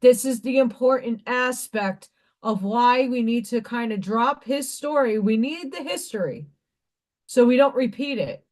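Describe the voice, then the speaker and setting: Woman, livestream host, slow deliberate delivery, fairly high voice, passionate, preachy, salty language. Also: a little mellow. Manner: passionate and preachy, swears freely. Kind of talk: casual spiritual chat on a live stream.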